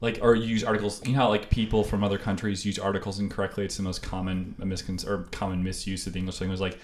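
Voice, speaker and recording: A man hosting a podcast in casual chat, joking and provocative, tossing off quick asides. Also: low voice, flat delivery, slight background noise. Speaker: podcast host.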